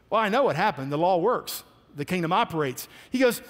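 A male pastor preaching a sermon, emphatic and animated, acting out the people in his stories. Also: high voice, fairly quick, in a large hall. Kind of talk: sermon with storytelling.

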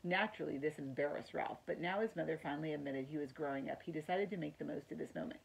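Woman teacher reading a kids' novel aloud, deep and creaky, friendly. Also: fast, few pauses, low-quality recording. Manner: friendly, explains words. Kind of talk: read-aloud storytelling.

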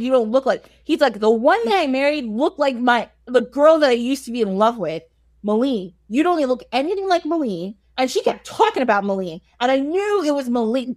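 High lively woman storyteller, slangy and laughing, dry close sound. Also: brisk, no room sound. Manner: animated, laughs often, slangy asides. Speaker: storyteller guest. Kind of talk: casual comic retelling of a fairy tale.

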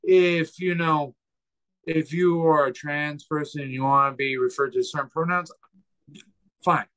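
A man who is a fighter, a guest on a casual podcast, who talks slowly and searches for his words. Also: a little high, steady tone, a bit bright, poor audio.

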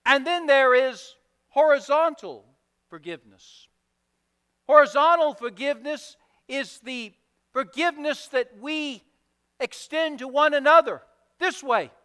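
A man preaching a sermon as pastor, deliberate and emphatic, building points through repetition. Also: extremely high pitch, animated, sharp tone. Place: church sanctuary. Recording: long reverb of a church hall.

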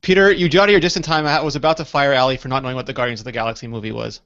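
Gravelly guy hosting a live tech podcast, jokey and teasing, kinda lo-fi sound. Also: mid-range voice, fairly even intonation, racing, a bit bright. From South Africa. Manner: playful, teasing, jumps into joke voices. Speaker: podcast host. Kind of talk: casual live podcast chat. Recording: lo-fi online call audio.

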